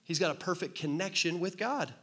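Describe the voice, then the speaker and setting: A male pastor delivers a sermon with a slightly higher than usual voice. He talks to his congregation in a loose, joking way and keeps drawing answers out of the room. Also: a little fast, a bit bright. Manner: conversational, joking, asks the crowd to respond. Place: church hall with congregation.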